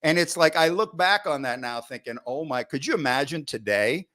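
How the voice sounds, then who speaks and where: A middle-aged man, a football coach, telling casual anecdotes as a podcast guest, with lively asides and the odd curse word. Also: on the high side, moderate pace, no echo, studio quality. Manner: lively storyteller, frequent "right?" asides, occasional swearing.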